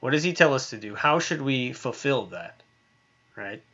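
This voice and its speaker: Bright-voiced man teaching casually. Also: mid-range voice, lively intonation, normal speed, dull audio. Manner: conversational, many tag questions and fillers. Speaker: Bible teacher. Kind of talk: recorded online lesson.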